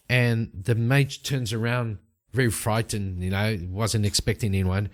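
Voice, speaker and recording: A man narrating a solo tabletop game in a relaxed, rambling storytelling way. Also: lowish voice, unhurried.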